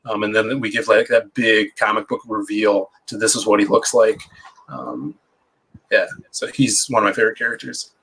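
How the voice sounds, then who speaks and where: A man's voice: fairly low pitch, level tone, normal speed, vocal fry, fairly bright tone, husky. Chatty man talking about his comic. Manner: chatty, rambling with many fillers. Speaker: guest comic book creator. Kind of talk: casual livestream interview.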